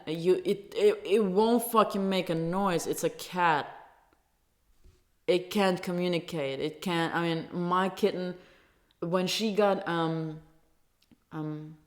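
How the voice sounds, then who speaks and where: A woman from Turkey, a native Turkish speaker, ranting in English with heated, profane talk and stumbling restarts. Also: on the low side. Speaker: vlogger. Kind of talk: angry casual rant.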